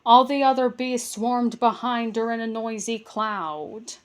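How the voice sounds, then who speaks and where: A woman reads a children's storybook aloud in a fairly high voice. Her pace is slow and deliberate, and she occasionally stumbles and restarts a word before carrying on. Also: steady tone. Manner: careful reading with small stumbles and restarts. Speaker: storybook reader. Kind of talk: reading a children's book aloud.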